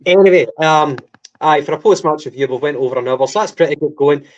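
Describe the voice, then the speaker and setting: A man's voice: on the high side, fast talker. A Scottish man hosting a casual fan podcast, dry and teasing as he steers the talk. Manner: dry, teasing, wraps things up. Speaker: podcast host.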